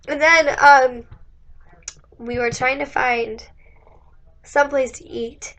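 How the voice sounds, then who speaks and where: A young college woman with a high voice tells a rambling story of her day, full of likes, giggles and acted-out quotes. Her voice is fading, as she is losing it. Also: steady tone, takes it slowly, pauses often, fairly bright tone. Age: young adult. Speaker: college student vlogger. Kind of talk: casual storytelling chat. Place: indoors.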